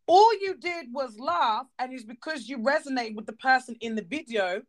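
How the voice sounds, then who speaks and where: A woman's voice: high-pitched, animated, moderate pace. A woman with a British accent talking bluntly and emphatically in a casual chat. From United Kingdom.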